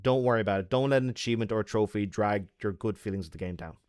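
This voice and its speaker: Animated man telling stories. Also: lowish voice, racing, dry recording, clean studio sound. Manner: animated, swearing, laughing often. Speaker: YouTuber. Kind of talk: casual livestream chat and storytelling.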